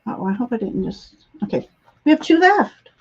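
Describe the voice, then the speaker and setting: A woman's voice: a little high, sing-song, moderate pace, breathy edge. Woman reading tarot over dull stream audio. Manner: gentle, affirming, with many fillers. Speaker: tarot reader and live stream host. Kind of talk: intuitive card reading on a live stream.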